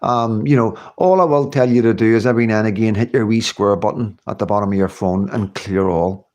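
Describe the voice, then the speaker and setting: A man's voice: on the low side, brisk, darkish tone. A middle-aged man with a Scottish accent hosting his own livestream, chatting casually and reading out viewer comments, with lots of fillers and rambling asides. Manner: rambling, chatty, laughs often, many fillers. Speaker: livestream host.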